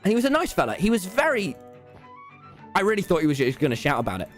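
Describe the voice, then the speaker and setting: Excitable young British streamer, lively pitch. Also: male voice, fast, soft background music. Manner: excitable, rambling, self-deprecating. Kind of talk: animated livestream storytelling.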